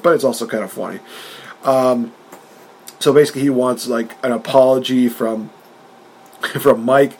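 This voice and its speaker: A man co-hosting a wrestling podcast in casual chat, talking with animated energy, laughing often and acting out quotes in a raised voice. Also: medium pitch, slightly rough, low-quality recording. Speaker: podcast co-host.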